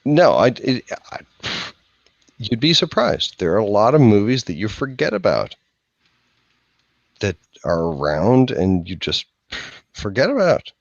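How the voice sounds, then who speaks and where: A man's voice: lowish voice, very animated, unhurried, no room sound. A man in casual chat who rambles, restarts and swears, recorded with a dull, dry lo-fi sound. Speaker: podcast host.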